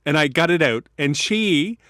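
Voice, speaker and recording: A man's voice: a little high, normal speed, no echo, clean studio sound. A Canadian man co-hosting a podcast, telling personal stories with a stutter and repeated sounds from Tourette's, acting out the people in them. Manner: animated, acts out voices in stories. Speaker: podcast co-host. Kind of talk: personal storytelling in casual chat.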